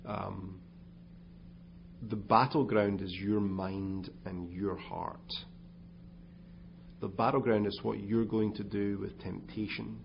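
Gravelly-voiced man preaching. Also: fairly low pitch, little pitch movement, takes it slowly, pauses often, highs cut off, slight background noise. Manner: conversational, with asides and restarts. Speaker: pastor. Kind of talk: sermon talk.

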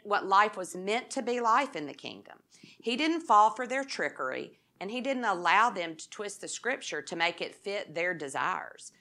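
A woman's voice: on the low side, pushed and bright. A woman giving an expository sermon, reading scripture aloud in an earnest tone and putting rhetorical questions to her listeners. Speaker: Bible teacher.

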